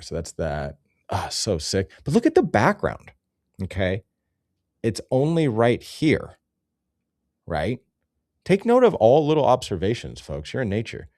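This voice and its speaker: A man's voice: deep voice, creaky, darkish tone, dry recording, clean studio sound. A man hosting a rambling, profane comedy commentary over nature photos, easily sidetracked and loose in his talk. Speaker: host.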